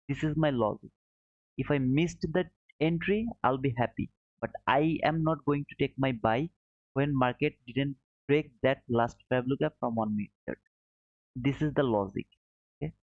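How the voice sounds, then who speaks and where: A man with a non-native English accent hosting a live trading stream, explaining slowly, repeating points and answering viewers by name. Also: medium pitch, no room sound, narrow, tinny audio. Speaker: livestream trading host.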